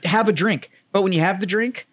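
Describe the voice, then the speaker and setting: Earnest podcast co-host, slightly higher voice. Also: male voice, brisk, a bit bright. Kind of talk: casual chat.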